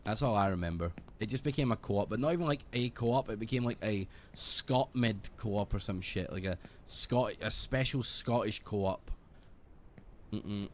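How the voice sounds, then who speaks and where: A British man streaming a game, chatting casually in a rambling, sweary, animated way. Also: fairly low pitch, normal speed, slight background noise. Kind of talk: casual gaming stream chat.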